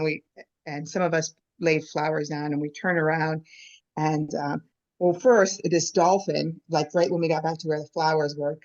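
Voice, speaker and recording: Woman, low voice, halting casual storyteller, muffled call audio. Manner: halting, repeats words when starting. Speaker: newcomer in an online group.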